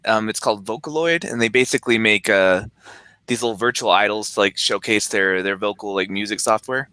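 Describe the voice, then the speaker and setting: Bright-voiced man chatting on a podcast. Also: fairly low pitch, brisk, smooth, no room sound. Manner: chatty, relaxed news-item presenter with fillers. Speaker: podcast co-host. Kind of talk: casual chat.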